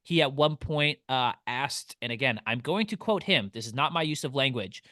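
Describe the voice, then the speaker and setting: Guy on a movie podcast, bright voice, dry close sound, rambly animated storytelling. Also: medium pitch, moderate pace, no room sound. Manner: animated storyteller, swears freely. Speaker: podcast co-host. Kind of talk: casual film podcast chat.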